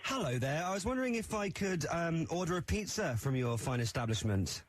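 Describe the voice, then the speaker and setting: A man playing a prank caller who orders pizza in an overly formal, deadpan way. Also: fairly high pitch, fairly quick, background noise. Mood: mock-polite.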